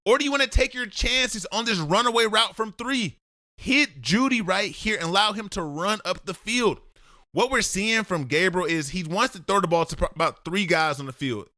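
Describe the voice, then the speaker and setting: High bright-voiced guy doing football film breakdown, blunt and lecturing, dry close mic. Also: moderate pace, no echo. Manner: blunt, lecturing, addresses the player directly.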